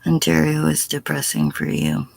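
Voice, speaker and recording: Gravelly, husky middle-aged woman. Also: a bass voice, big pitch swings, moderate pace, a little mellow, no room sound. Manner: blunt, profane, slips into whispers. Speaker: livestreamer answering chat. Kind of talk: casual livestream chat.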